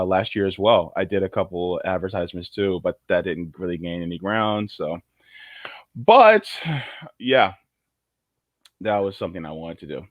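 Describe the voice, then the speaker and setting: A man's voice: low voice, no room sound. A man co-hosting a casual livestream chat, rambling and jokey with many restarts. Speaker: co-host. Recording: muffled lo-fi audio.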